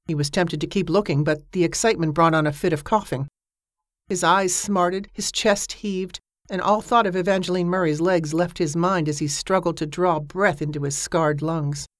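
Woman narrating a story, low-pitched and dry. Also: no room sound. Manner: steady storytelling voice, lifting pitch for characters' dialogue. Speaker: audiobook narrator. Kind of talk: scripted narration.

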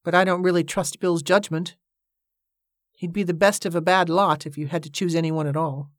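A narrator voicing a gruff older male boatman who refuses flatly and bluntly in an audiobook. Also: medium pitch, normal speed, no room sound, clean studio sound, close to an everyday voice. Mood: weary. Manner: curt, flat refusals.

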